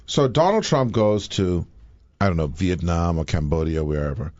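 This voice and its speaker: A man hosting a casual talk show, rambling and animated, often acting out quotes in mocking voices. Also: deep voice, moderate pace, highs cut off. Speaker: show host. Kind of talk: casual political chat.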